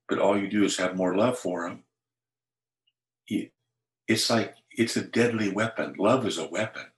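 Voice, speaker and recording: A man's voice: sits low, reverberant, low-quality recording. An older man, a pastor, earnestly telling a personal faith story in conversation. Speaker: pastor, interview guest.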